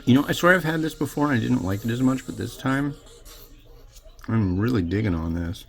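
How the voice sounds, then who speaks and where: A man's voice: medium pitch, fairly quick, gravelly, soft background music. A man hosting a noodle review show, chatting casually and in a rambling, opinionated way while he cooks and tastes. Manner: rambling, opinionated, restarts often. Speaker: host of an instant noodle review channel. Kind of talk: casual chat while cooking and tasting.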